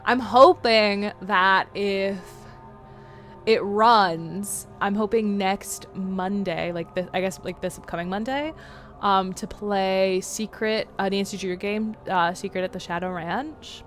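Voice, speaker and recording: A woman streaming a video game live, chatting with viewers and breaking into loud yells and laughter. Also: mid-range voice, a little slow, soft background music. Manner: animated, bursts into yelling and laughter. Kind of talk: live gameplay commentary.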